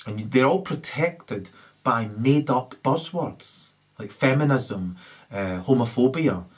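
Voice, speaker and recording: A man's voice: medium pitch, expressive, slow. A man in a rambling, ranting monologue, constantly tagging his points with questions. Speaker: commentator.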